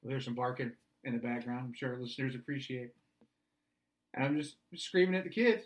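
A middle-aged man, a single dad and podcast co-host, answering questions in deadpan comic chat that slips into song lyrics and sometimes swells to shouts. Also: medium pitch, brisk.

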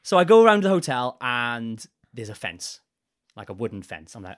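A young man, a podcast guest, telling a rowdy story in a casual, animated way with swearing. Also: medium pitch, moderate pace.

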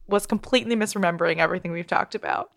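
A woman's voice: on the low side, racing, creaky. Chatty woman podcast co-host. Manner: chatty, laughing, playful. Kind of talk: casual chat.

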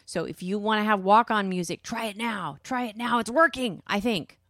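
A woman co-hosting a casual podcast, bantering and quick to disagree. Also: mid-range voice, fairly bright tone, no room sound, clean studio sound. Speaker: podcast co-host. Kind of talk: casual chat.

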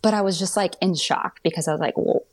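A woman's voice: lowish voice, quick pace. A young woman telling a personal story in a chatty way, full of fillers, acting out what others said. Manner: chatty, many fillers, quotes others in lively voices. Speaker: podcast guest. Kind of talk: telling her birth story.

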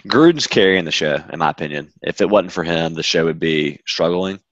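A man co-hosting a casual sports podcast, offering measured opinions. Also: sits low, a bit bright, no room sound, muffled recording. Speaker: podcast co-host.

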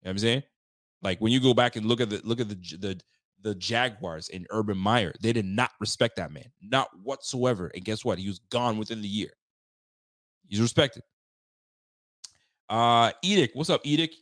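A man's voice: mid-range voice, brisk, fairly bright tone, dry recording, clean studio sound. A man hosting a fan show live after the game, reading viewer chats in a casual, heated, slangy way. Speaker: sports fan show host. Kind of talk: postgame livestream reaction, reading viewer chats.

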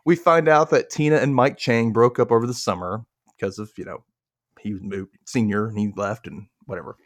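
With no room sound, a young Mississippi podcast host talks a little fast in a mid-range voice. He chats casually while recapping a show, acting out the characters, laughing often, and staying animated throughout.

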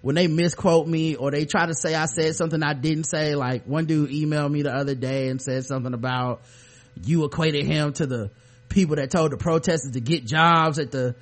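A man co-hosting a casual podcast over a video call, talking in an animated, sarcastic way and laughing often. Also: fairly high pitch, a little fast. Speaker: podcast co-host. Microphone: webcam on a video call.

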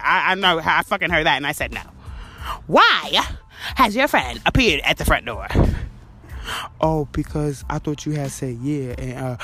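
A woman on a podcast, venting in a fiery, swear-filled rant. Her low-set voice leaps high and drops with wide, lively swings, over faint music. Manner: profane, heated, animated storytelling. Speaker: podcast host. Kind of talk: ranting monologue.

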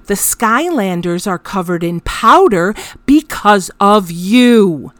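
Slow-talking wry woman podcast host. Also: medium pitch, dry recording. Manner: wry, self-mocking, animated when exasperated. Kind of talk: storytelling monologue.

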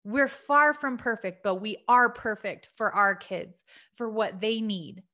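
A woman's voice: mid-range voice, a little slow, pushed and bright. A woman in her thirties, a mom talking to listeners in an earnest, chatty monologue with many fillers. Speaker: mom podcaster. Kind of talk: casual heartfelt monologue.

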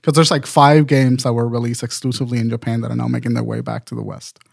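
A man's voice: medium pitch, flat delivery, fast talker, vocal fry, dry recording, clean studio sound. A man co-hosting a casual podcast, swearing freely and laughing a lot. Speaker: podcast producer and co-host.

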